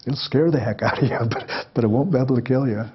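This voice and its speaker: This older man's voice sits in the mid range, slightly rough, and moves at a quick clip. Rambling and folksy, he shares life stories with an audience and keeps chuckling, captured on a dull lo-fi lecture recording.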